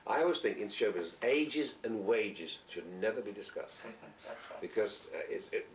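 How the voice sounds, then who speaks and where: A man who is an actor, telling lively anecdotes in an interview and acting out voices at an indoor fan event. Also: moderate pace, slight background noise. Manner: animated storyteller who acts out voices. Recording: roomy, distant, low-quality amateur tape.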